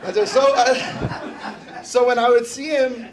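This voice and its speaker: A man's voice: very high voice, fairly even intonation, slow, background noise. A man giving a casual memorial tribute to a friend, telling joking anecdotes and often checking in with his listeners. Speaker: fraternal organization member giving a memorial tribute. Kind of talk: personal memorial remarks. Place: memorial gathering at a funeral home.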